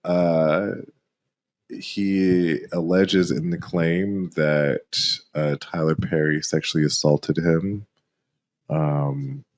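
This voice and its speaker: Deep, slow-talking male podcast co-host. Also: flat delivery, a little mellow. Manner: measured, hedging with ums and careful wording. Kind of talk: casual comedic chat. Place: living room.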